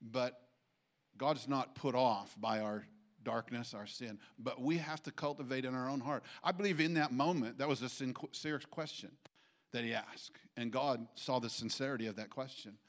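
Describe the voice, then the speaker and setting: Male pastor, mid-pitched, sermon delivery with hesitant restarts and emphatic peaks. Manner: halting, many restarts and fillers, then emphatic swells.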